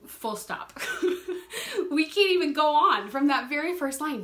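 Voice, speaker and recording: A woman's voice: high voice, very animated, takes it slowly, fairly bright tone. A young woman teaching a Bible study in a casual, earnest way, laughing often and repeating words as she talks.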